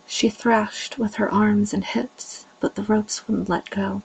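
A woman narrating an erotic story in a slow, breathy way with a gravelly voice, often dropping to a whisper. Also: medium pitch, little pitch movement, a little mellow, rough recording.

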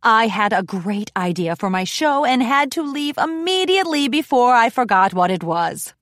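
A woman's voice: fairly high pitch, very animated, moderate pace, fairly bright tone, no room sound, clean studio sound. A woman voicing a boastful unicorn mare magician who talks in a grand, theatrical, slightly huffy way. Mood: nervous.

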